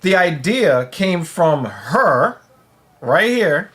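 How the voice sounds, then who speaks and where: A man's voice: fairly high pitch, very animated, very slow, fairly bright tone, slightly rough. A man hosting a loose, chatty live stream, talking casually with frequent fillers and restarts. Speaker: host.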